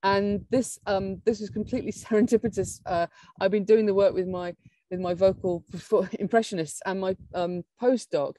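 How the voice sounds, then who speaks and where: A woman's voice: mid-range voice, steady tone, normal speed, mellow, no echo. A woman giving an academic conference talk on neuroscience. She explains with enthusiasm, laughing now and then and restarting her sentences. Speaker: neuroscience lecturer.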